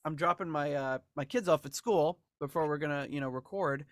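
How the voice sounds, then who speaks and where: A man's voice: a little high, a little fast, no echo. Chatty male podcast host, dry sound. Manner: chatty, rambling storyteller with frequent fillers. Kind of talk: casual chat. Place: home in suburbs.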